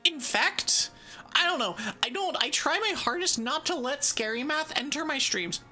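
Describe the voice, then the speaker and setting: This is a woman VTuber chatting live with her chat in a bubbly, sarcastic, giggly way. Her voice is high, bright and forward. It swoops widely in pitch, and faint game music plays underneath. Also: lively intonation, normal speed. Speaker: VTuber streamer. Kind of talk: casual live-stream chat, answering chat.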